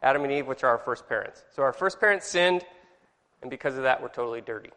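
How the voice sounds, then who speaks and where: A man's voice: mid-range voice, fast, sharp tone. A man leading an informal Bible study lesson, chatty and rambling, quizzing his class and correcting himself as he goes. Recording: reverberant hall with long echo.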